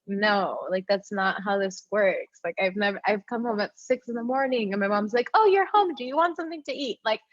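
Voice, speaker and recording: A young woman telling the story of her life in casual talk, animated, with a lot of "like", and she acts out the other people. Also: mid-range voice, no echo, dull audio.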